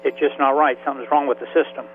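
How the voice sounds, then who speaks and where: A man in his seventies, a veteran and author, telling his story in a halting, emotional way with many restarts. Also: medium pitch, level tone. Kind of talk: radio interview by phone. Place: Florida. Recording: tinny phone line with faint hiss.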